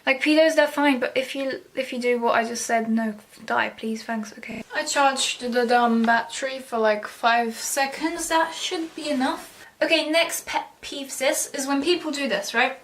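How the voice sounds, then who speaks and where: A woman's voice: sits high, steady tone, moderate pace, slight background noise. A teenage girl vlogging a blunt, sarcastic, rambling rant about her pet peeves. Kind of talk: ranting vlog monologue. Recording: roomy sound, mic far off.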